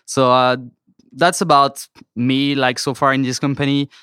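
Male guest, French accent, non-native English, halting delivery, smooth tone, dry mic. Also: medium pitch, level tone, sharp tone, no room sound. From France. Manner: halting, searching for words. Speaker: guest, regional sales representative. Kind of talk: podcast interview.

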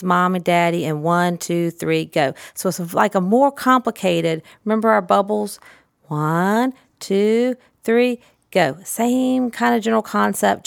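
A woman speech therapist explaining therapy play in a conversational teaching style, acting out child-directed phrases with sudden high calls and soft whispers. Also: gravelly, dry recording, clean studio sound. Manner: demonstrates child-directed phrases with big pitch jumps and whispers. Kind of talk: instructional talk.

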